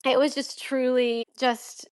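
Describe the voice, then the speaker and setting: A woman's voice: sits high, little pitch movement, slow, clear, resonant tone. A young woman, a podcast guest, telling a heartfelt personal story with many "like"s and "um"s. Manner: emotional, heartfelt, frequent "like" and "um".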